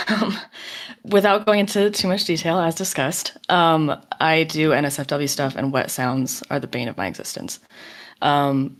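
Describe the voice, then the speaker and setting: A man who voices ASMR audio, answering in a relaxed way in a casual podcast discussion. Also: a little high. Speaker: ASMR voice actor.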